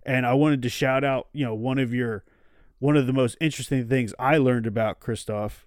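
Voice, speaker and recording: A man with a mid-range, clear, resonant voice hosts a casual podcast, loose and joking and laughing often. He speaks at a moderate pace with fairly even intonation. The recording is dry, with clean studio sound.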